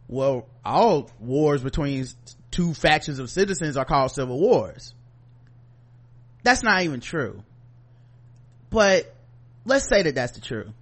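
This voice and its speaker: Man, high-pitched voice, podcast co-host, profane animated rant. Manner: profane, animated ranting with mocking asides. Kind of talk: casual chat.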